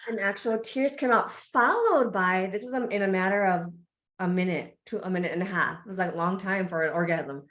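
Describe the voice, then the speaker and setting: Animated woman guest telling a candid story. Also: medium pitch, fairly quick. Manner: animated, laughs often, acts out reactions. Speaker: podcast guest, embodiment coach.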